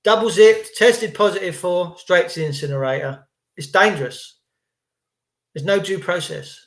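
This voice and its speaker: A man talking casually to his viewers, animated, acting out other people's voices and repeating his points for emphasis. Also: sits high, moderate pace, roomy sound. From United Kingdom. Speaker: vlogger.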